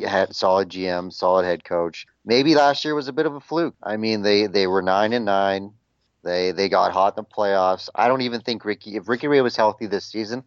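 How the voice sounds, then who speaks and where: A man co-hosting a sports podcast, talking in a measured way that hedges with fillers, over dry lo-fi audio. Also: deep voice, smooth, no room sound. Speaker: podcast co-host. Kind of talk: casual sports chat.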